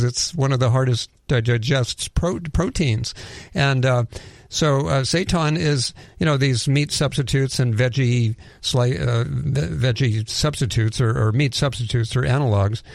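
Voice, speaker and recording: A man hosting an interview, conversational and opinionated, with quick asides. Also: mid-range voice, no echo, studio quality. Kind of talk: interview host.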